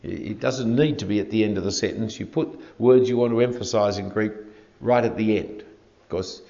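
A man's voice: fairly low pitch, normal speed, mellow. A man preaching a sermon verse by verse, with wry, dryly humorous asides. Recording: dull lo-fi recording.

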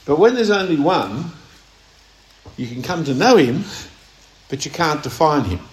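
A man's voice: a little high, sing-song, unhurried. A man with an Australian accent preaching a sermon, telling a story in a conversational way with emphatic stresses. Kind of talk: sermon with anecdote. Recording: echoey room.

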